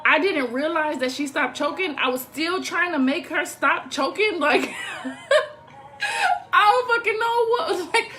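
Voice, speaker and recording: A young woman telling a story to her viewers in a casual, animated, profane way with laughing asides. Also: sits high, normal speed, soft background music. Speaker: storytime vlogger.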